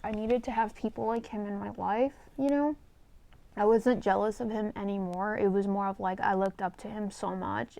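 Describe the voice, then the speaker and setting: Gravelly-voiced woman telling a personal story. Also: mid-range voice, warm tone. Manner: candid and rambling, with many fillers and swearing; emotional and confessional. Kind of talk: casual storytime.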